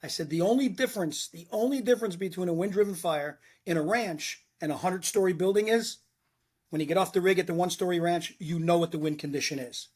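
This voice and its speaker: A man's voice: high voice, fast. A middle-aged man, a former fire lieutenant telling blunt stories in a casual chat and acting out what people said. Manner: blunt, animated storyteller who acts out quotes. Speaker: retired fire lieutenant, podcast guest.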